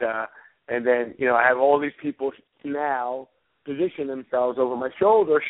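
Man telling a story down a phone line. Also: medium pitch. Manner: halting, many fillers and chuckles. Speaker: guest photographer. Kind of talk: anecdote telling on radio call-in.

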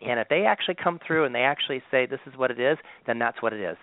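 A man's voice: mid-range voice, expressive, quick pace, no echo. Man telling stories over a tinny line. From Southern California. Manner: rambling, many ums and restarts. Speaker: medium, guest. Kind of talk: casual interview storytelling. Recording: tinny phone-like line, dry.

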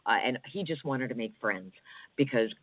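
A woman's voice: extremely low pitch, animated, moderate pace, no echo. A woman co-hosting a talk radio show, chatting in a rambling way with many fillers. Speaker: radio co-host. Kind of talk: casual talk radio chat. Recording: tinny phone-like dry sound.

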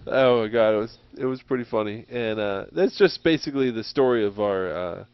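A man's voice: fairly low pitch, a little fast, clear, resonant tone, dry recording. A man co-hosting a podcast, telling a rambling, chuckling story in casual chat. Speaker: podcast co-host. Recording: dull, dry lo-fi recording.

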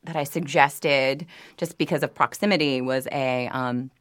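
A woman's voice: extremely low pitch, unhurried, no echo, clean studio sound. A woman from New Orleans, a voice actor guest, tells eager stories with frequent self-restarts in a casual podcast chat.

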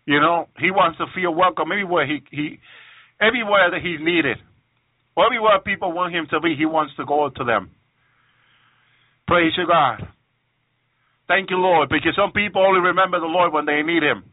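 A man's voice: a little high, no room sound, narrow, tinny audio. A man giving an emotional testimony sermon, often stopping to praise God and restarting his sentences. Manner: emotional, repeats praise phrases, halting restarts. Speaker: preacher on a radio program.

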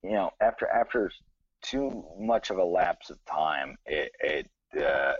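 A man's voice: deep voice, animated, a little slow, husky, no room sound, dull audio. A man from the American South, co-hosting a podcast in loose, profane casual chat full of fillers. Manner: rambling, profane, many fillers. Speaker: podcast co-host.

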